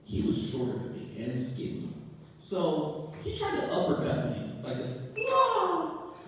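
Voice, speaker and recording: A young man doing stand-up comedy, telling a story in a profane, animated way and acting out the voices of the people in it. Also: medium pitch, normal speed, a little hiss or hum. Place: comedy stage in a hall. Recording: echoey hall, voice from far off.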